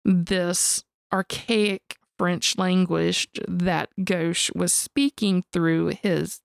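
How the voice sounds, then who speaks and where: Gravelly-voiced woman telling ghost stories. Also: on the low side, very slow, no echo, clean studio sound. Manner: animated storyteller, swears casually. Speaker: podcast co-host. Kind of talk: casual storytelling chat.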